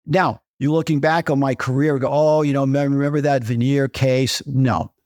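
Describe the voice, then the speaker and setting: An older man, a retired dentist guesting on a podcast, tells stories with energy in a conversational interview, repeating his key points and acting out what people said. His medium-pitched, darkish voice is fairly even and a little fast, with few pauses. The studio sound is clean, with no room sound.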